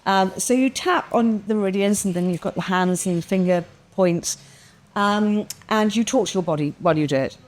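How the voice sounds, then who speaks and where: A woman appearing as a podcast guest tells a personal story with lively expression, acting out the quotes and swearing casually. She speaks at medium pitch and a moderate pace.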